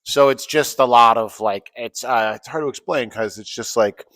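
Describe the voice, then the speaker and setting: A man's voice: medium pitch, normal speed, fairly bright tone, no room sound, studio quality. A man with a mild Chicago accent, chatting casually as a guest in an interview and breaking into playful accent impressions. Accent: American, Chicago (mild). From Chicago, USA.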